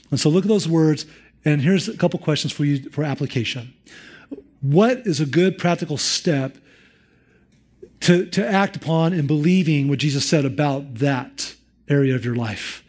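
A man preaching a sermon as a pastor, speaking to his listeners with direct questions and lively retellings. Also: a little high, moderate pace, slightly rough.

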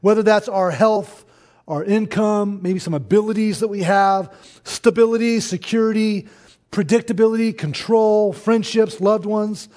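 A man preaching a sermon to his church, in an earnest, conversational way with pauses. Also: sits high, steady tone, darkish tone. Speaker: pastor.

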